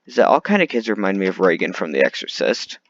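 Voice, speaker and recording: A man's voice: low voice, sing-song, quick pace, muffled recording. A man delivering an unscripted, rambling rant full of complaints, often restarting his sentences. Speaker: vlogger.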